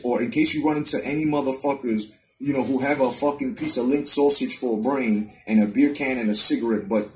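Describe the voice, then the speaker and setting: A man with a mid-range voice hosts a boxing commentary live stream, ranting heatedly, swearing constantly and hammering the same points over and over. The audio is poor, coming through a live-stream webcam mic.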